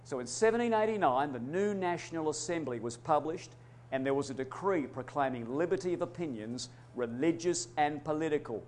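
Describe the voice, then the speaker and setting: A man preaching a sermon, emphatic, swinging between loud declarations and hushed asides. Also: a little high, expressive, brisk. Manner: addresses congregation as brothers and sisters.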